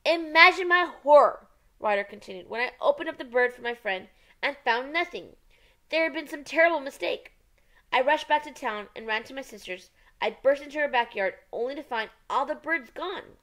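A woman voicing a frightened male hotel thief, anxious and pleading, her voice pushed higher. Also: expressive, normal speed, a bit bright. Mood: anguished.

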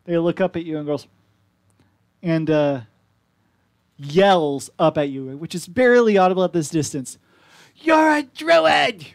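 A man narrating as game master of a tabletop game, relaxed with laughing asides. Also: on the high side, moderate pace, long pauses, no room sound.

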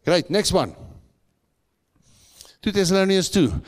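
A man preaching from the pulpit, his voice leaping up in pitch and volume to drive each point home. He quizzes the congregation with rhetorical questions, at a middling pitch for a man. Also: expressive, unhurried. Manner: emphatic preaching with sudden rises in pitch and loudness. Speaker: pastor. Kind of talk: sermon. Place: church sanctuary.

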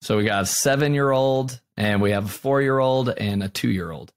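A man's voice: medium pitch, moderate pace. A man hosting a podcast, talking casually and reflectively and often ending with "right?". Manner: reflective, frequent tag "right?". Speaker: podcast host. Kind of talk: casual interview chat.

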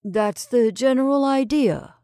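Woman doing a nervous young guy, sheepish, apologizing fast, dry mic. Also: a little high, dark tone, no echo, pitched above the performer's own voice, close to an everyday voice. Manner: hurried and apologetic. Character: sheepish, anxious young man in a camel costume.

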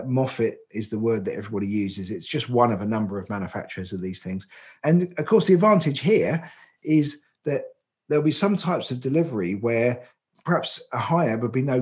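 An English man with a mid-range, slightly mellow voice co-hosts a podcast. In casual chat he explains licence training at length, using lots of fillers and correcting himself often.

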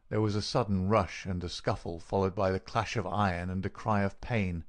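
A man with a fairly low voice reads a story aloud for English learners. He keeps a steady, clear pace through the narration. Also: normal speed, few pauses.

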